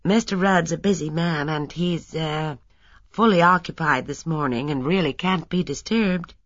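A woman's voice: deep voice, normal speed, no room sound, muffled recording, pitched above the performer's own voice. A woman reading an audiobook and voicing an officious, evasive male secretary. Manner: officious, smoothly dismissive.

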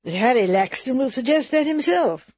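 A woman's voice: sits high, lively intonation, normal speed, darkish tone, husky, dry recording, dull audio, pitched above the performer's own voice, exaggerated voice. A woman voicing a weather-beaten, hearty spinster who speaks bluntly and knowingly.

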